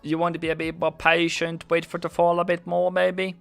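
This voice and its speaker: A man's voice: fairly high pitch, completely flat delivery, brisk, gravelly, clear, resonant tone, faint music behind. A man with a Norwegian accent, a native Norwegian speaker, hosting a casual trading live stream, joking and chatting with viewers. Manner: joking, chatty, reads chat aloud.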